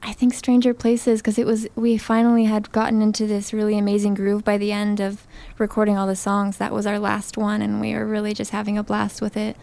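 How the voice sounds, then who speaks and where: A woman's voice: medium pitch, monotone, brisk, vocal fry, hardly any pauses, dark tone. A young woman, a singer, talking as a guest in a casual interview, gushing and enthusiastic. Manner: enthusiastic, gushing, laughs often.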